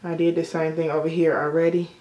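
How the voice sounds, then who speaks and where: A woman's voice: low-pitched, flat delivery, fast, a little mellow, reverberant. A young woman chatting casually through a makeup tutorial, telling stories with a lot of swearing. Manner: chatty storytelling with frequent swearing. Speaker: beauty vlogger. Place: indoor room at sunset.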